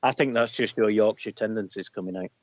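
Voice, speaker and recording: A man's voice: on the low side, a little fast. A man co-hosting a gaming podcast with a dry, teasing sense of humour. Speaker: podcast co-host. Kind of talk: casual podcast chat.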